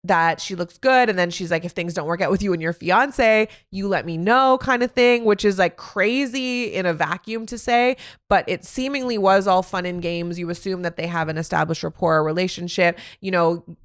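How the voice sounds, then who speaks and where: A woman hosting a solo sports podcast, talking in an animated, opinionated way with quick asides. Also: on the low side. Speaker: podcast host.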